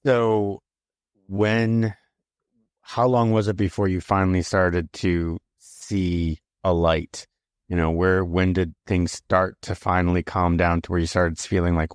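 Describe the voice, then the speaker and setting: A man's voice: low voice, level tone, takes it slowly, clear, resonant tone, no echo, studio quality. A man hosting an interview, asking questions in a conversational, searching way. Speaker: podcast host.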